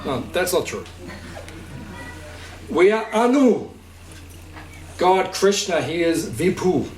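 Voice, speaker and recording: A man's voice: high-pitched, very animated, slow pace, a little mellow, soft background music. A man as spiritual teacher giving an informal talk to a gathering, conversational, checking understanding with questions and laughing easily. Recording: echoey room, distant mic, faint hiss.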